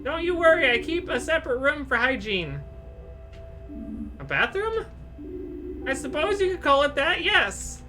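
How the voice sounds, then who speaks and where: A woman's voice: sits high, very animated, unhurried, pauses often, pitched above the performer's own voice. Woman doing an eccentric pompous doctor. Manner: flustered and pompous. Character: eccentric fussy male hospital doctor. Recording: game music playing behind.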